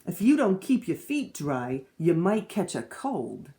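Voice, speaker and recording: A woman voicing a bossy older raccoon brother in a storybook read-aloud, loud and cautioning. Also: lowish voice, big pitch swings, measured pace.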